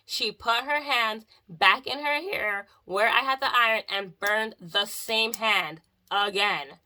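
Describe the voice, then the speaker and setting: A woman's voice: on the high side, slow, sharp tone. A woman who works as a hairstylist, telling a client story in an exasperated, chatty way with lots of "like.". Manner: exasperated, chatty, heavy use of "like". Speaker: mobile hairstylist. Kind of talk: casual storytime vlog.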